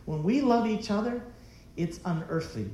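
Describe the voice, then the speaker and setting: A man's voice: high voice, expressive, moderate pace, warm tone, roomy sound, a little hiss or hum. A man preaching a sermon as pastor, emphatic and full of rhetorical questions.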